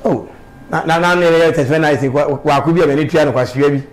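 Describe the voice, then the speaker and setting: A man's voice: on the high side, fast talker, rough recording. A man talking animatedly in a casual street interview, with emphatic bursts and sudden exclamations.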